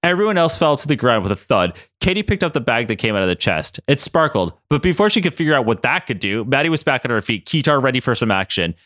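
A male podcast host narrates a silly adventure story with lively, animated intonation. His manner is playful. The recording is dry and close. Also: medium pitch, fast, few pauses, no room sound. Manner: playful, animated, laughing often.

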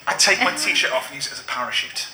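A man's voice: mid-range voice, expressive, fast talker, roomy sound, a crowd in the background, low-quality recording. A man comedian on a live panel show, reading theatrically and cracking up with laughter.

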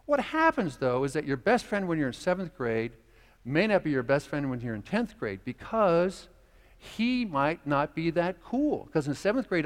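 Animated man preaching in a reverberant church. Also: a little high. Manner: storytelling, animated, acts out quoted voices. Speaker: pastor. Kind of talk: sermon. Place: church sanctuary. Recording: long hall reverb.

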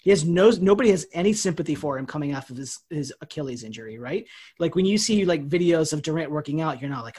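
A man co-hosting a casual sports podcast, opinionated and rambling, often trailing off quieter at the ends of his thoughts. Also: a little high, lively intonation, quick pace, breathy edge. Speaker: podcast co-host.

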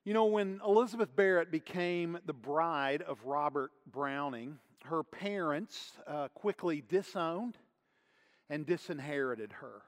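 Earnest preacher dude, higher voice, steady storytelling, lots of hall reverb. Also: male voice, measured pace. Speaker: pastor. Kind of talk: sermon.

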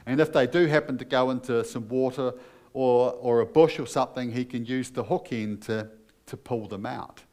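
A man's voice: medium pitch, normal speed, a little mellow. A man preaching a sermon as pastor, earnest and emphatic, putting questions to his listeners.

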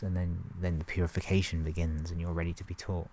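A man talking in a relaxed, rambling way about self-awareness, laughing softly and acting out his inner thoughts. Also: deep voice, fast talker, a little hiss or hum. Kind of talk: relaxed casual monologue.

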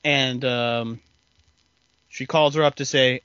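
A man's voice: mid-range voice, steady tone, takes it slowly, long pauses, a bit bright, clean tone, no room sound, highs cut off. A man co-hosting a podcast, recapping a story in a rambling way with lots of fillers. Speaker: podcast co-host. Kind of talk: casual chat.

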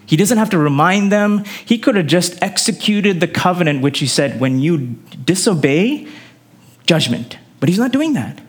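A man delivers a sermon with a slightly higher voice than most men. He preaches earnestly, pushing up on key phrases and then sinking to low, quiet endings. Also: expressive, brisk, hardly any pauses, husky. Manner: earnest preaching with rising emphasis and sudden drops. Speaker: pastor.

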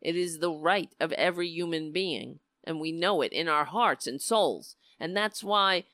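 Woman hosting a political stream, rambly and emotional, lowish voice, dry close sound. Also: moderate pace, fairly bright tone, no room sound. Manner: emotional, rambling, trails off and restarts. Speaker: host of a political talk show. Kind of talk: casual livestream commentary.

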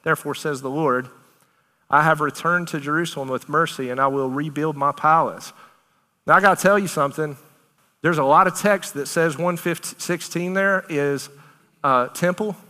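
Male preacher, bright and forceful, emphatic and conversational, long hall reverb. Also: fairly high pitch, moderate pace. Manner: animated, emphatic, conversational preaching with Southern turns of phrase. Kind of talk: sermon.

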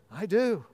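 Man preaching a sermon, high clear voice, earnest, hushed emphasis, long hall reverb. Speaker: pastor.

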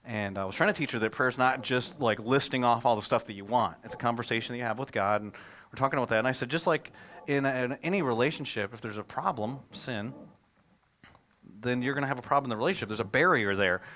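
A man, a pastor, preaching a sermon in a conversational, animated way, telling stories and asking rhetorical questions. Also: medium pitch, quick pace.

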